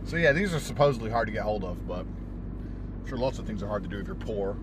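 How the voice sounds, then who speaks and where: A man's voice: lowish voice, expressive, a little fast. A man mocking someone in a brash, profane, sneering monologue. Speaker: wealthy commentator. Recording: outdoor street noise. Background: traffic noise.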